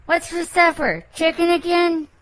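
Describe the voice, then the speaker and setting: Woman putting on a squeaky whiny little kid voice, beat-up sulky boy, super high pitched. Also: measured pace, a bit bright.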